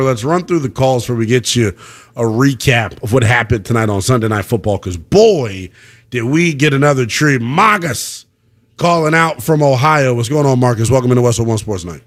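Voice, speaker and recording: A man's voice: medium pitch, lively intonation, normal speed. A young man hosting a sports talk radio show, brash and slangy as he takes calls. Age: young adult.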